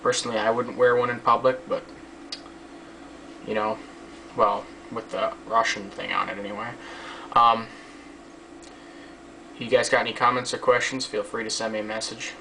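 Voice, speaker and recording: A man's voice: fairly low pitch, steady tone, moderate pace, gravelly, pauses often, bright, forceful tone. A man giving a casual hands-on tutorial, rambling and joking with a lot of swearing. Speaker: how-to video maker. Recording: distant mic with faint background hiss.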